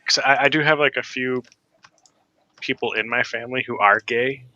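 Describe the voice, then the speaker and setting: A man's voice: medium pitch, steady tone, normal speed, sharp tone, highs cut off. A man chatting casually with friends while playing a game, easygoing and a little hesitant, often restarting his sentences. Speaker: co-player.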